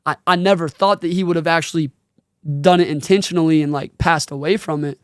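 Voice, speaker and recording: A man's voice: fairly high pitch, steady tone, brisk, clean tone, no room sound, studio quality. A man in his twenties, a podcast host, telling a personal story in an earnest, casual way with slang, choked up at times. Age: 20s.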